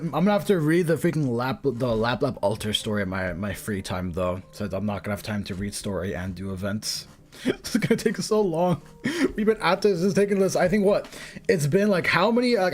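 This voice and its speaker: A young man talks through a game stream, his pitch bouncing around as he rambles, laughs and slips into slang. His voice sits a little high, with faint music playing underneath. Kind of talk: casual game stream commentary and reading.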